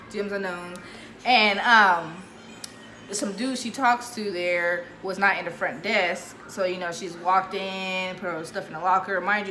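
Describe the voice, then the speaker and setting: A woman's voice: mid-range voice, bright, forceful tone. A woman telling a friend's story in casual chat, acting out the dialogue and laughing as she goes. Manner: chatty, retells dialogue, laughs often. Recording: echoey room with faint noise.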